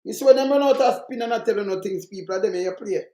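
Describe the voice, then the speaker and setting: The commentator speaks quickly in a warm, mid-range voice with a Jamaican accent. It's a fiery political rant in patois, full of repetition, captured in an echoey room.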